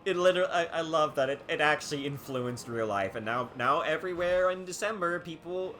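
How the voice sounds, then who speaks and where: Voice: mid-range voice, brisk, a bit bright, slight background noise. A streamer who chats casually while playing a game, rambling through stories and laughing often.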